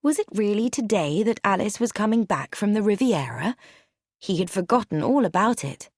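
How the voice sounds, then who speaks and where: A woman narrating an audiobook with expressive, varied storytelling. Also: medium pitch, moderate pace, no room sound, clean studio sound.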